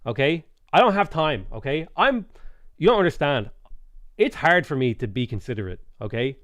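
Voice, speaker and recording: A man's voice: on the high side, very animated, moderate pace, a bit bright, no echo, clean studio sound. An Irish man in his thirties chatting casually on a live stream, rambling and blunt, swearing freely and acting out little dialogues. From Ireland.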